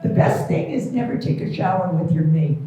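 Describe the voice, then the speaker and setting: A woman's voice: fairly low pitch, a little fast, noisy background. Middle-aged woman doing wry stand-up comedy. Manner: self-deprecating, wry, lively. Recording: echoey, distant, muffled room recording.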